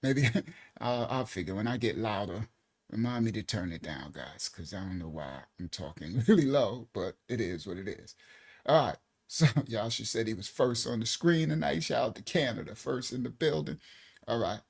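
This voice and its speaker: A man with a lowish, creaky, husky voice teaches a casual Bible lesson on a livestream through a desk mic. He's expressive and moves at a moderate pace, loose and chatty, often laughing and saying "all right."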